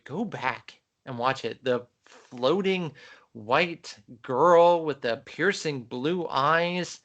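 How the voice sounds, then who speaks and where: A man co-hosting a podcast in casual, animated chat, talking with enthusiasm. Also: on the high side, a little slow. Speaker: podcast co-host. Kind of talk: casual chat about films.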